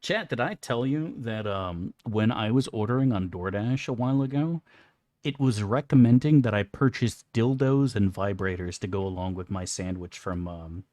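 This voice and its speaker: Playing a game on stream, a man rambles and cracks crude jokes in casual commentary. His voice is on the low side and darkish, delivered at normal speed in a dry recording.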